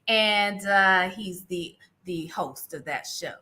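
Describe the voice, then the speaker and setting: A woman's voice: mid-range voice, slow, bright, forceful tone. A woman hosting a casual livestream interview, chatty and playful, laughing often. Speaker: host.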